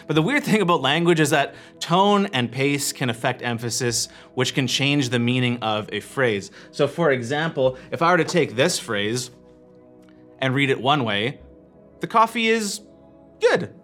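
A man preaching a sermon as a church pastor, earnest, shifting his emphasis and letting phrases fall quiet at the end. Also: medium pitch, normal speed, soft background music. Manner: earnest, varies emphasis and pace, drops to quiet endings.

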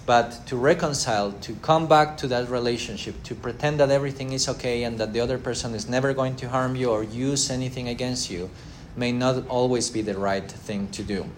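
Halting man teaching a Bible class. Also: mid-range voice, steady tone, a little hiss or hum. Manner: halting, many fillers, acts out everyday quotes.

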